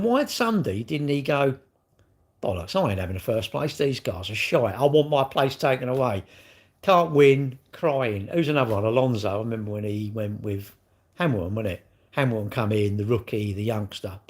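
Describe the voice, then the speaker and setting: Gravelly man chatting on a livestream. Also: mid-range voice. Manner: chatty, rambling, blunt banter with slang. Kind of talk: casual livestream chat reading viewer comments.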